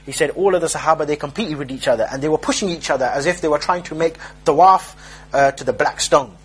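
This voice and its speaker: This young preacher talks fast in a slightly rough voice that sits on the high side. In his casual religious talk he spins humorous, streetwise tales and mimics the people in them.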